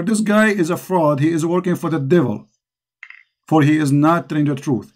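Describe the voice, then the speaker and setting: A man's voice: on the high side, moderate pace, darkish tone. Impassioned preaching man, Arabic accent. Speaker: host. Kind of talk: call-in religious talk.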